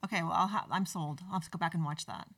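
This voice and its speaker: A woman hosting a casual conversation, speaking thoughtfully with many pauses and ums. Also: sits low, creaky, a bit bright, no room sound. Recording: dry, distant from the mic.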